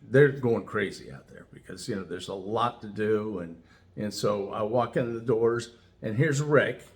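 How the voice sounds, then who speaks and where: A man casually telling a personal story as a customer testimonial, chatty and enthusiastic, with lots of "you know" fillers. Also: medium pitch. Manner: enthusiastic, animated retelling.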